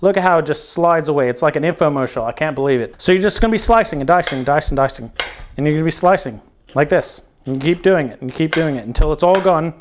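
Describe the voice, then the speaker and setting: A man's voice: on the high side, animated, fast. A young man hosting a comedic cooking show, talking through his chopping with crude jokes and swearing. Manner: crude, joking, instructional patter with swearing.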